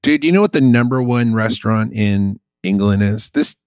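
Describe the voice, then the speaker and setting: A man co-hosting a podcast, bantering in a crude, excitable way. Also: lowish voice, normal speed, no echo, studio quality. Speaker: podcast co-host. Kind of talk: casual comedic chat.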